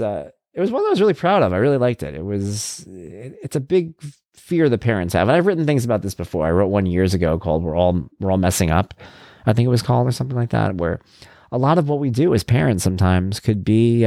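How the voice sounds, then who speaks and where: A man's voice: medium pitch, no room sound, clean studio sound. A middle-aged man and parent, a podcast host telling casual stories in a monologue and acting out the voices of people he quotes. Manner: animated, acts out quoted voices.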